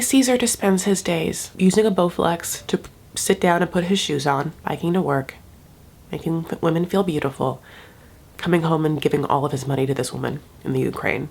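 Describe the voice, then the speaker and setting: A woman's voice: fairly low pitch, vocal fry. A woman hosting a casual TV recap, chatty and sassy, with frequent side remarks. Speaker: YouTube recap host.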